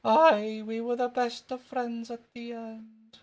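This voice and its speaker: A man voicing a cranky, wrinkly little Scottish man who claims to be a boy, in a high put-on voice with a Scottish accent, telling tall tales. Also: level tone, slow pace. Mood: wistful. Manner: boastful, rambling tall tales. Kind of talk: improvised street comedy bit.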